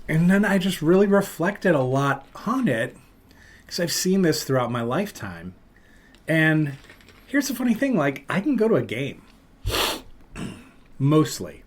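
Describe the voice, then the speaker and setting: Animated male podcast host telling stories. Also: mid-range voice. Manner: animated, acts out loud quotes of other people. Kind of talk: casual storytelling chat.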